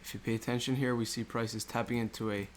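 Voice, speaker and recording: Male educator, mid-pitched, steady and repetitive, slight background noise. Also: quick pace. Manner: rhetorical questions, repetitive explaining. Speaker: trading educator. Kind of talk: screen-recorded chart walkthrough.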